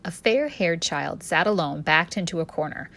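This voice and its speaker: A woman author narrating her own story in first person, expressive and storytelling in tone. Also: on the low side, moderate pace. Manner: expressive storyteller, voicing a cheeky street boy.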